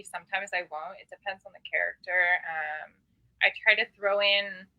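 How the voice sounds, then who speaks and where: A woman author chatting in an interview, talkative and quick to laugh, often restarting her sentences. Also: mid-range voice, highs cut off. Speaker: author guest. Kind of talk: casual interview chat.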